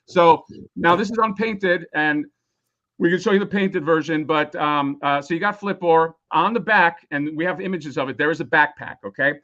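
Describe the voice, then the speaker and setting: A man's voice: fairly high pitch, moderate pace, fairly bright tone, dull audio. A man losing his voice, rambling casually and swearing a lot while explaining a toy on a live stream. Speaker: toy designer presenting a crowdfunding campaign.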